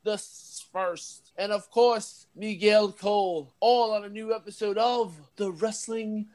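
A man's voice: high voice, steady tone, takes it slowly, a little mellow. A man putting on a stately snobbish Old English herald. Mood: grandiose. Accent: put-on Old English. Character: pompous old-fashioned English herald, male. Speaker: podcast co-host.

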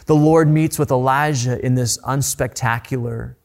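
A man preaching a sermon, reading scripture and explaining it in a reflective, emphatic way, dropping softly at quiet moments. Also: medium pitch, fairly even intonation, normal speed, few pauses. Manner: reflective, emphatic Bible teaching with soft hushed moments. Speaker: pastor.

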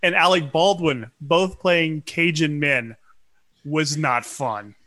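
Man, from Louisiana, middle-aged, bright, chatty, ranting, casual podcast talk. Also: a little high. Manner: chatty, ranting, quick asides. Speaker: podcast co-host. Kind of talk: casual chat.

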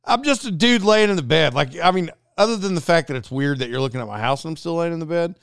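Animated male host telling a story. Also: fairly high pitch, quick pace, smooth, no echo, studio quality. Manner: animated, acts out quoted dialogue. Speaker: podcast host. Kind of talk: casual storytelling monologue.

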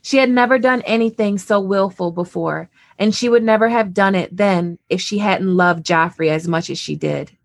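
A woman's voice: mid-range voice, moderate pace, creaky, few pauses, no room sound. Casting: young woman co-host, casual and profane, dry studio mic. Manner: chatty, profane, many "like"s. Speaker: podcast co-host. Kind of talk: casual book discussion.

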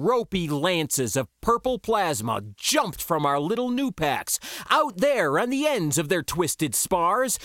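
A man reading his own science fiction story aloud in the first person, with expressive, dramatic delivery. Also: high voice, no room sound, clean studio sound. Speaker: author and narrator. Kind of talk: first-person audiobook narration.

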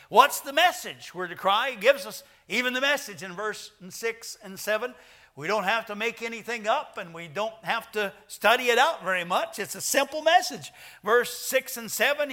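High, bright-voiced male preacher. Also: animated, moderate pace. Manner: earnest preaching with scripture quotes and sudden loud calls. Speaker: pastor. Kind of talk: sermon.

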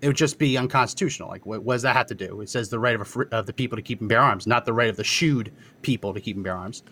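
A man in casual podcast talk, his voice sitting in an ordinary middle pitch. He argues his points steadily and drops in frequent short agreements while his co-host speaks. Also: bright, forceful tone. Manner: argumentative, quick to agree with short yeahs.

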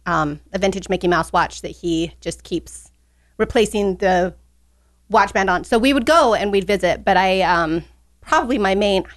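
A woman chatting as a podcast panelist, bubbly, giggly and quick. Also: medium pitch. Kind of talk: casual chat.

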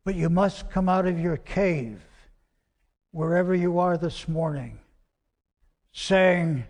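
Slow, high-pitched preaching man in a reverberant church. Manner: slow, emphatic preaching that drops soft and quiet on key words. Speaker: pastor. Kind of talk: sermon. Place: church sanctuary. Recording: long church hall reverb.

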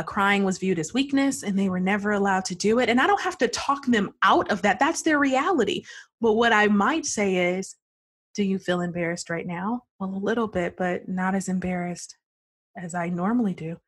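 A woman's voice: medium pitch, breathy edge. A woman therapist talking in a conversation, telling stories expressively and acting out what her clients say, with frequent laughs. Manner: expressive storyteller, acts out client voices, laughs often. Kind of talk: podcast conversation.

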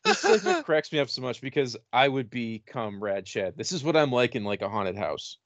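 A man's voice: medium pitch, big pitch swings, normal speed, fairly bright tone, no room sound. Opinionated male co-host, dull audio. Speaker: podcast co-host. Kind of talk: casual film review chat.

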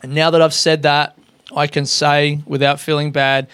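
An Australian man rambles through a casual solo monologue with a smooth, clear voice pitched a little high. He swears freely and keeps mocking himself as he talks. The sound is close and dry. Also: flat delivery, moderate pace, fairly bright tone, no echo.

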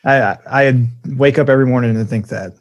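A man's voice: medium pitch, brisk, dry recording, clean studio sound. A man hosting a casual podcast chat, joking and often restarting his sentences. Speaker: podcast host.

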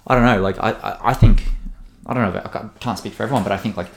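A young man on a podcast, talking quickly with lots of "like" and restarts. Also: lowish voice, steady tone, gravelly, slight background noise. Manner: quick, hesitant talk full of "like" and restarts. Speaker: podcast co-host, former fighter. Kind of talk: casual podcast chat.

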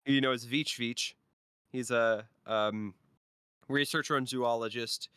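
A man narrates as game master for a tabletop game, stopping often for fillers. He talks slowly, with a bright, crisp voice. The sound is dry and close. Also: mid-range voice, fairly even intonation, no room sound. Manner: slow, hesitant, filler-heavy.

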